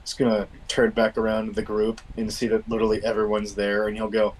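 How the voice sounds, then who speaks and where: A man's voice: fairly low pitch, completely flat delivery, quick pace, rough recording. A man playing a tabletop game, joking and casual as he narrates his character. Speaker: player.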